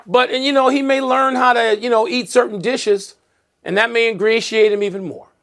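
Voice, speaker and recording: A man co-hosting a sports talk show, dismissing claims with animated incredulity. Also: very high-pitched, moderate pace. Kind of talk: sports debate.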